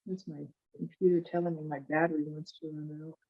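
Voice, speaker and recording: A woman's voice: sits low, little pitch movement, fast. Chatty woman host on a muffled call. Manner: eager, chatty storytelling. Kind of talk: casual conversation.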